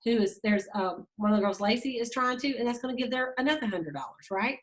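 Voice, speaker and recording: A woman, leading a sales team and giving a casual, fast, chatty training talk aimed straight at her listeners. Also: fairly high pitch. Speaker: direct sales team leader.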